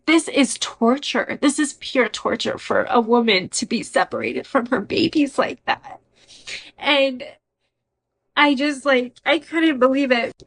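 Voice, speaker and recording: A young adult woman guesting on a podcast shares a personal faith testimony, earnest, emotional and conversational, often saying "like." Her voice is on the high side and creaky, in a low-quality recording.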